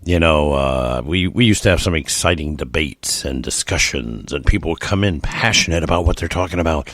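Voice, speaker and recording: A man's voice: rumbling low, lively intonation, fairly quick, a bit bright, no echo. A middle-aged man hosting a casual solo podcast, rambling and chuckling with lots of fillers. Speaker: podcast host.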